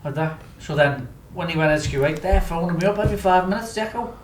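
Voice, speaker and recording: A man's voice: on the high side, fast talker. A man with a Scouse accent telling stories in casual chat, rambling and full of fillers. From Liverpool, England. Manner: rambling, fillers like "do you know what I mean". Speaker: guest storyteller. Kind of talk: casual storytelling. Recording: echoey room with faint noise.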